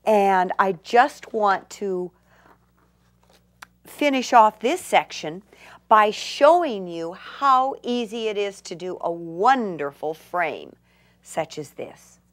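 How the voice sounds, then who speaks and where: A woman's voice: medium pitch, expressive, takes it slowly. An older woman demonstrating a craft technique, gushing with enthusiasm and dropping to delighted whispers. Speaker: craft instructor.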